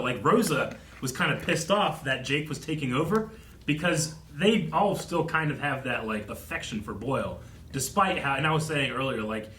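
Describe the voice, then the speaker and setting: A man's voice: mid-range voice, pushed and bright, reverberant, a little hiss or hum. A man hosting a casual reaction chat, talking through a TV episode with friends and often trailing off mid-thought. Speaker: show host reacting to TV.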